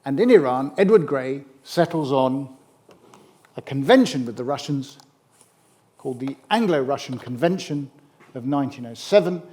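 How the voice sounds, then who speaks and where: A middle-aged man giving a public history lecture, animated and emphatic, with wry asides. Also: medium pitch, moderate pace. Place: lecture hall.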